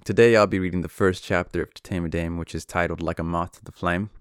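In a clean, dry studio recording, a low-voiced man talks fast as he hosts his podcast. He jokes casually about himself and swears a little, then moves on to reading a novel aloud with drama. His tone is clean.

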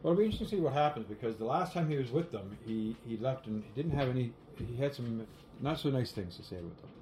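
A man co-hosting a podcast, delivering news in a measured, halting way with many fillers. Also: mid-range voice, expressive, dark tone. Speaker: podcast co-host. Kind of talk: casual chat. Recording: faint background noise.

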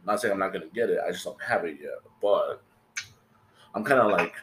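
A man's voice: sits low, lively intonation, brisk, a bit bright, roomy sound, slight background noise. A man hosting a podcast in casual, profane chat, rambling and acting out what his friends said. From California. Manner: rambling, swears a lot, acts out quoted friends. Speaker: podcast host.

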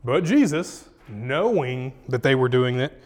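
A man's voice: mid-range voice, expressive, a little slow, darkish tone, big-room sound. A man leading a casual Bible study, retelling scripture in slangy, folksy speech.

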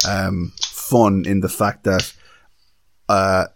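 A man's voice: deep voice, flat delivery, very slow, vocal fry, fairly bright tone, slight background noise. An Irish man hosting a beer podcast, teasing his co-hosts and moving the show along. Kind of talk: casual chat.

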